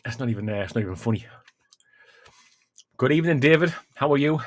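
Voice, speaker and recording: Male streamer, mid-pitched, chatty, coughing and sighing through hot chilli, dry close sound. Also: lively intonation, quick pace, dry recording. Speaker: livestream host. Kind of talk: casual livestream chat.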